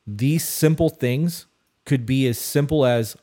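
A man's voice: medium pitch, slow, mellow. Blunt, profane man co-hosting a podcast. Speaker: podcast co-host. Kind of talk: casual advice talk.

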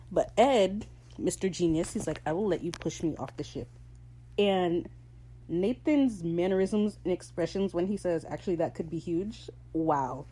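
A woman hosting a casual solo recap, talking in an animated, gossipy way and quoting characters in little voices. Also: lowish voice, slight background noise, poor audio. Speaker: podcast host recapping a TV episode.

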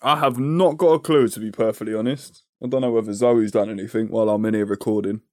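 A man's voice: fairly low pitch, steady tone, quick pace, a little mellow, no room sound, studio quality. A young man with a London accent, co-hosting a podcast in laid-back, slangy banter. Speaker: podcast co-host. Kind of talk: casual chat. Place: small back room at home.

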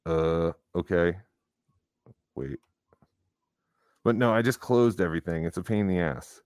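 A man co-hosting a podcast chats casually and rambles, with plenty of fillers and restarts. His deep, slightly mellow voice is unhurried, captured in a dry, studio-quality recording.

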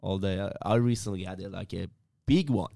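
A man on a casual podcast, talking in halting restarts, saying "mate" and laughing often. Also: low voice, gravelly, warm tone, no room sound, studio quality. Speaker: podcast co-host. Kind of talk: casual chat.

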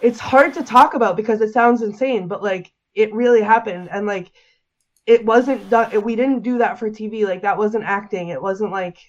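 A woman's voice: mid-range voice, normal speed, highs cut off. A woman guest describing a frightening paranormal experience in an interview, rambling and full of "like" and restarts. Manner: rambling, heavy use of "like", restarts. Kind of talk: emotional interview storytelling.

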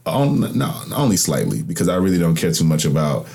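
A man's voice: sits low, big pitch swings, fairly quick, creaky, darkish tone, a little hiss or hum. A young man hosting a podcast, talking into a microphone in a reflective, rambling, colloquial way. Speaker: podcast host. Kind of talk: casual interview conversation.

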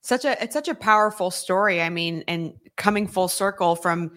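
A woman's voice: mid-range voice, moderate pace. Woman cohost, lots of mm-hmms and yeahs, affirming. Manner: warm, affirming, many mm-hmms. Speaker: co-host. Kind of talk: interview chat.

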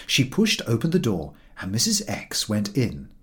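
Man reading an old novel aloud, voice swings all over, dramatic and expressive. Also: lowish voice, normal speed. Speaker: audiobook narrator. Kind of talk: expressive scripted narration.

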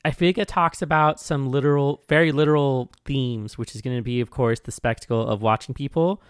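A man's voice: medium pitch, steady tone, brisk, clean tone, no echo, clean studio sound. A man co-hosting a casual podcast, explaining a film's references in a hesitant, explanatory way with restarts and fillers. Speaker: podcast co-host. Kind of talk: casual film discussion.

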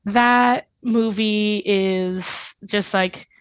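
A woman's voice: mid-range voice, fairly even intonation, extremely slow, clean tone, no echo. A woman guesting on a podcast as a drag performer, talking in a rambling, chatty way full of fillers and giggles. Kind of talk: casual podcast chat.

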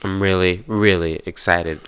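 Joking man with a smooth low voice. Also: steady tone, a little slow, fairly bright tone. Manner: joking, laughs often, quotes people in voices. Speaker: podcast co-host. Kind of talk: casual podcast banter.

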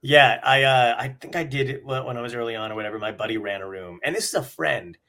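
A man's voice: mid-range voice, fast, pushed and bright. A man hosting a casual chat, telling a comedy story with loose swearing and acted-out quotes. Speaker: podcast host, comic.

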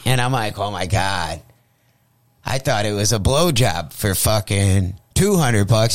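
A male comedian from St. Louis telling a crude story on a radio show, profane and animated, acting out the voices in his tale. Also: mid-range voice, dry recording. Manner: profane, animated, acts out quotes. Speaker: comedian guest.

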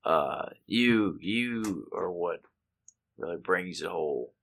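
Deep, gravelly laid-back guy. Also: lively intonation, takes it slowly, a bit bright. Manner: laid-back, laughing reactions. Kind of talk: casual chat.

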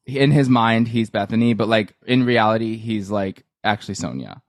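A man's voice: lowish voice, normal speed, no echo. Young male podcast co-host, gossipy, quotes scenes aloud; dry close sound. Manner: gossipy, acts out quotes from the show. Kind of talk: casual chat.

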